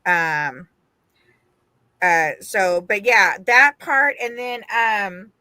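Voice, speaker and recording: A woman's voice: mid-range voice, drawn-out words, dry recording. A middle-aged woman from the Las Vegas area, casually chatting as a podcast co-host and acting out what people said. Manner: animated, acts out quoted voices, laughs often. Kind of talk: casual chat.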